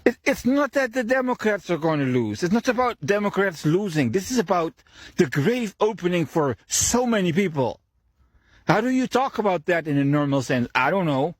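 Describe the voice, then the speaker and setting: Animated man ranting, dry close mic. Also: normal speed, dry recording. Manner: animated, swings pitch often, swears, laughs mid-sentence. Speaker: podcast host. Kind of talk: casual monologue.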